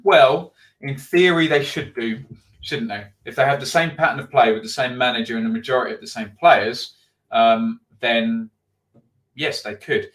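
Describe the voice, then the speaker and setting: A man's voice: mid-range voice, fairly bright tone. A middle-aged man hosting a live football stream, reading out viewer comments and thinking aloud with frequent ums. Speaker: football channel host.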